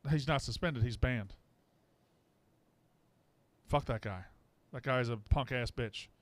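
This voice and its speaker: A man's voice: medium pitch, unhurried, dry recording. A man hosting a live sports call-in show, blunt and profane, often exasperated with callers. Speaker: sports betting show host.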